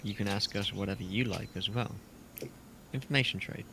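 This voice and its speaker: A man's voice: on the low side, a little fast, noisy background. A man playing a tabletop game, asking hesitant, probing questions in character. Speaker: player.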